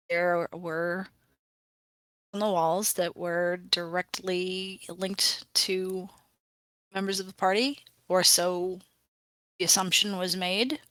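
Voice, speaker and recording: A woman's voice: fairly low pitch, a bit bright, clear, resonant tone, no room sound. A woman playing a tabletop game, speaking in character and describing her character's actions in the third person. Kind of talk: in-character roleplay and narration.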